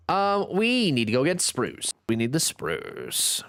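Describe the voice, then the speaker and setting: Lively smooth-voiced male game streamer. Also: unhurried, few pauses. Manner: reads and answers chat aloud, thanks viewers; jokey, self-teasing, swings between high and low pitch. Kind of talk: casual live-stream chat.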